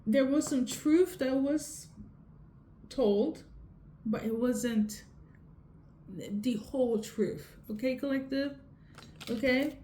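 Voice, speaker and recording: Tarot reader, female, fairly high voice, chatty, keeps asking "okay?", roomy echo with faint hiss. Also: takes it slowly, long pauses, dark tone. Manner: repeats "okay?" often, conversational. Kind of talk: casual tarot reading. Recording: echoey room with faint noise.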